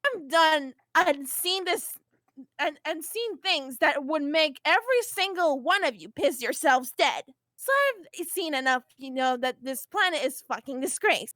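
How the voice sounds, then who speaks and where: A woman's voice: high voice, expressive, unhurried, sharp tone, no echo, heavily acted. A woman doing a brash, foul-mouthed troll girl. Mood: defiant rant. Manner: swaggering, profane, mocking. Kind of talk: amateur audio drama acting.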